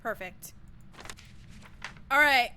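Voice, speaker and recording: A woman's voice: on the high side, very slow, bright, forceful tone, a little hiss or hum. A young woman streaming a game, chatting casually with her viewers and shrieking and laughing at mishaps. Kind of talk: casual live-stream chat while gaming.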